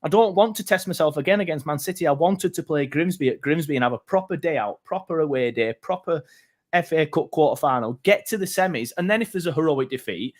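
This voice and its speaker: A man's voice: on the high side, animated, quick pace. A man co-hosting a football podcast, telling rambling, self-mocking stories. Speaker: podcast co-host. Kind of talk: casual football chat.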